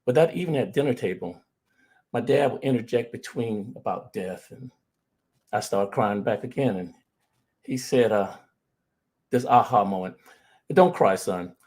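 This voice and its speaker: A man's voice: medium pitch, moderate pace, long pauses, darkish tone, slightly rough. A middle-aged man, a grief recovery specialist, telling personal stories in an earnest motivational talk. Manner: earnest storytelling, addresses audience directly.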